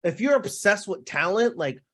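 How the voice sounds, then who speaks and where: A young man with a high-pitched voice talks in a loose, animated way on a podcast. He leans on slang and drifts into quick asides as he goes. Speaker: podcast co-host. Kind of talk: casual chat.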